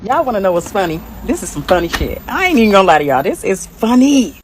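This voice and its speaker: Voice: medium pitch, very animated, fast talker, a little hiss or hum. A speaker with a Detroit accent giving a crude, laughing, mocking rant on social media.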